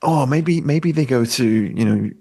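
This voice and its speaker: A man's voice: mid-range voice, measured pace, gravelly, mellow. A man co-hosting a podcast in casual chat, hesitant and repeating his words. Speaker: podcast co-host.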